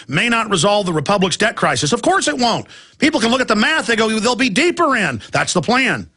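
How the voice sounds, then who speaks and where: A man's voice: sits high, bright, forceful tone, husky. A middle-aged man hosting a talk radio show, delivering an impassioned, ranting monologue and mimicking opponents' voices. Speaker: radio host.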